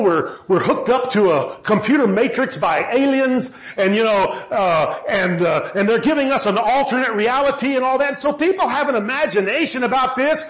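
A man preaching a sermon with passion, moving between loud shouting and low, quiet lines. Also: echoey room, low-quality recording.

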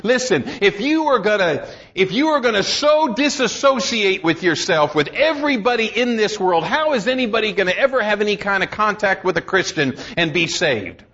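A man preaching a sermon, emphatic and urging, reading scripture slowly and solemnly and dropping to low, intense tones. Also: lively intonation, sharp tone, muffled recording. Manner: reads scripture in slow, solemn cadence.

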